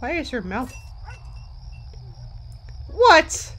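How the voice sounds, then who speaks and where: A woman's voice: mid-range voice, lively intonation, a little slow, background noise. A woman commentating a horror game as she plays, a little tired, jumpy and swearing as she jokes to herself. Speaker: let's play gamer.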